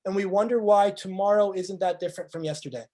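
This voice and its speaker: A man with a high, mellow voice delivers a motivational talk. He speaks earnestly and stacks up rhetorical questions to drive each point home. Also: quick pace. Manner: earnest, acts out quoted speakers in lively voices. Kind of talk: motivational presentation.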